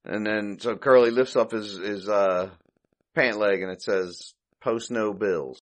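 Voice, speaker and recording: A man's voice: lowish voice, a little slow. A man hosting a podcast, casually recapping an old comedy short, chuckling and thinking aloud as he goes. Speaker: podcast host.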